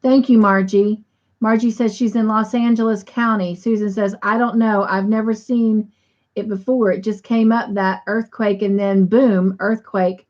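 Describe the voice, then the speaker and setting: Woman host of a casual livestream chat, reads comments out loud; mid-pitched, muffled lo-fi audio. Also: fairly even intonation, measured pace. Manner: reads viewer comments aloud, leads a prayer. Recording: dull lo-fi stream audio.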